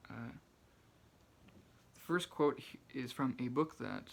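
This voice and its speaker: A soft-spoken man with a mid-range voice reads out favourite quotes from books and talks about why they matter to him. He is shy and hesitant, often stopping to restart a phrase and filling gaps with ums and uhs. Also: mid-range voice, expressive, slow pace, gravelly. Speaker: book channel host. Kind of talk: reading quotes aloud and commenting.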